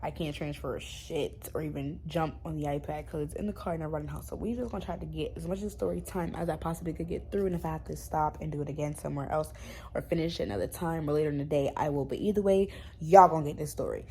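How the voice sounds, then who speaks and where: A woman's voice: low voice, fairly even intonation, fast, mellow, slight background noise. A young woman in a casual storytime vlog, talking bluntly in slang and swearing freely. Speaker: YouTube storyteller.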